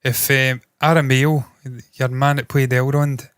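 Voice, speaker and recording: A man's voice: medium pitch, flat delivery, a little slow, fairly bright tone, clear, resonant tone, no echo, clean studio sound. Blunt, swearing man with a lilt. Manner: blunt, swears freely, opinionated. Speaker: entertainment news host. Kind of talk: casual opinion commentary.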